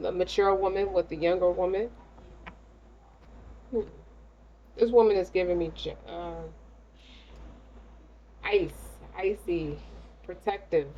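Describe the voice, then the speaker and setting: A woman's voice: fairly low pitch, darkish tone, dull audio, a little hiss or hum. A woman giving a casual tarot reading in a blunt, slangy, streetwise way. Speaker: tarot reader.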